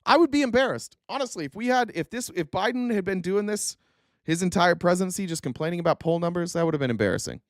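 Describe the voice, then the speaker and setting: A man's voice: high-pitched, lively intonation, fast talker, dry recording, studio quality. A man hosting a political commentary livestream, ranting with exasperation and profanity as he reads out quotes and mocks them.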